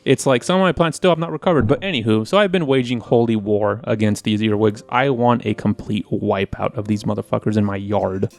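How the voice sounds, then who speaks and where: A man co-hosting a casual podcast, telling stories in an animated, profane way and acting out his own quotes. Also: lowish voice, brisk, hardly any pauses. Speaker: podcast co-host, wine presenter. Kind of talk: casual chat.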